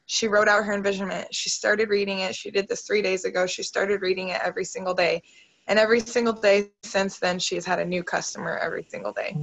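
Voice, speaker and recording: A woman with a gravelly, creaky edge to her voice leads a motivational video call. She is upbeat and openly emotional and keeps turning to the group. Her voice comes through a computer call mic. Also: medium pitch, steady tone, fast talker, a bit bright, low-quality recording. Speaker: team leader hosting a video call.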